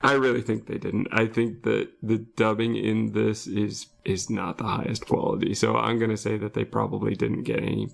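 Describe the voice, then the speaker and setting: A man co-hosting a podcast, chatting casually about a film and weighing up his opinions in a measured, thoughtful way. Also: lowish voice, level tone, creaky. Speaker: podcast co-host. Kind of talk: casual film review chat.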